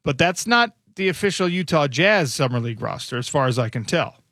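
A man's voice: a little high, lively intonation, fairly quick, a bit bright, no room sound. A man hosting a sports radio show in a studio, musing aloud in a casual, conversational way. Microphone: studio microphone.

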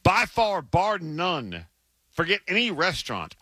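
A middle-aged man with a Southern American accent, co-hosting a sports radio talk show, emphatic and animated, often stammering and restarting. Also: high-pitched, a little slow, dry recording. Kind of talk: casual sports radio banter.

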